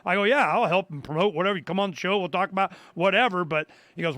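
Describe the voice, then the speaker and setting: A man's voice: fairly high pitch, fast talker, hardly any pauses, pushed and bright, no echo. An older man hosting a talk radio show, rambling through a story with restarts and acting out the voices of people he quotes. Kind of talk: casual talk-radio monologue.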